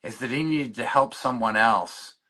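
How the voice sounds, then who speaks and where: A man, a guest in recovery, telling his story in a halting way with many restarts, choked up and openly emotional. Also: medium pitch, pushed and bright. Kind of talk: personal storytelling in conversation.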